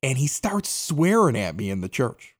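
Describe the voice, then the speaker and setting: A man's voice: mid-range voice, sing-song, normal speed. A middle-aged man with a Chicago accent, hosting a podcast and telling a story in casual chat, acting out the dialogue. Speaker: podcast host.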